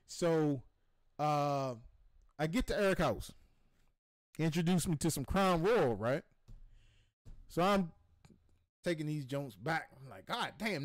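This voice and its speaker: A man hosting a gaming stream who tells a rambling, profane story with excitement and acts out the voices in it. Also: high voice, no echo. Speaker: show host.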